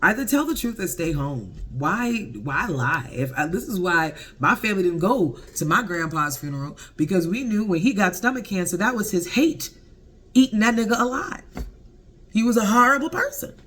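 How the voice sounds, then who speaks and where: Man, slightly high voice, casual show recap, animated. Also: moderate pace. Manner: animated, laughing, acts out quotes. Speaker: show reviewer.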